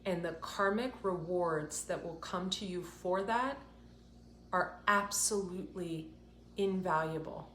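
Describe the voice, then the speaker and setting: Woman doing a card reading, lowish voice, slow and earnest, a bit teary, echoey room. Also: fairly bright tone, a little hiss or hum. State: tearful, close to crying. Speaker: intuitive card reader. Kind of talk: tarot-style card reading to camera.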